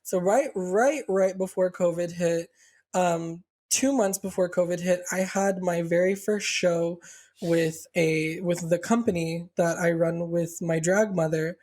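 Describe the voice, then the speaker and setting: A young man with a South Texas accent, co-hosting a casual podcast chat, talking freely with lots of "like" fillers and quick restarts. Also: high voice, darkish tone. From Rio Grande Valley, South Texas. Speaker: podcast co-host, drag performer.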